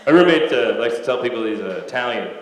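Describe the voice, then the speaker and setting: A man doing a stand-up comedy set on a club stage, deadpan with lots of "uh" pauses. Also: mid-range voice. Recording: echoey live club with loud noise.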